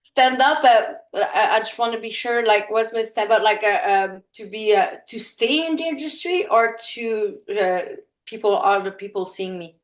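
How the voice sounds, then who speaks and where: Halting French Canadian woman guest. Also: fairly high pitch. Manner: halting, searching for English words; bubbly, open. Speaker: interview guest. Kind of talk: casual interview chat.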